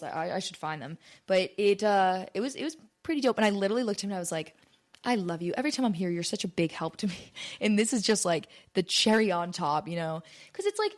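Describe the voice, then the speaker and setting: A young woman rambles through a story on her home podcast mic. Her talk is loose and chatty, packed with "like" and casual swearing. Her voice sits at an ordinary middle pitch. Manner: chatty, rambling, swears often, heavy use of "like". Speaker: podcast host.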